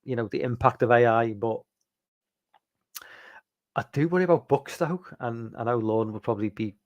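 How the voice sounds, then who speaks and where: A man's voice: medium pitch, moderate pace, dry recording, highs cut off. A man hosting a casual live stream, rambling with lots of fillers and restarts as he answers viewer chat.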